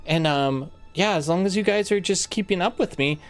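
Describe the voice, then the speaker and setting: A giggly, excitable noblewoman, put on by the game master, her voice pushed well up into a high, bright register. She gushes and tumbles over her words, speaking slowly at times, in a tabletop role-play. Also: soft background music, lightly acted. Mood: chatty. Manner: breathless, giggly, gushing.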